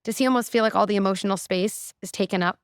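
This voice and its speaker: A middle-aged woman, a clinical psychologist, talking in an animated, explanatory way as a podcast guest. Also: mid-range voice, quick pace, dry recording, clean studio sound. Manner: animated, explanatory, frequent "like" and "right?". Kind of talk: conversational interview.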